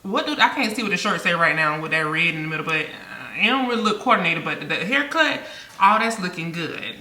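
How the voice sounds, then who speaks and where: A woman hosting a reaction video, chatting casually to her viewers and thinking out loud about what she watches. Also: fairly low pitch, animated, a little fast, far from the mic. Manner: chatty, addresses viewers directly, thinks aloud. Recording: roomy echo.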